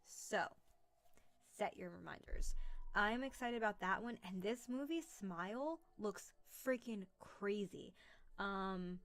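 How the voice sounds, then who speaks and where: A woman's voice: mid-range voice, lively intonation, takes it slowly, fairly bright tone, no room sound. A young woman chats on a live stream from home, speaking into a computer mic. She rambles loosely, trailing off and restarting with plenty of fillers. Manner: chatty, rambling, with many fillers. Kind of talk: casual live-stream chat.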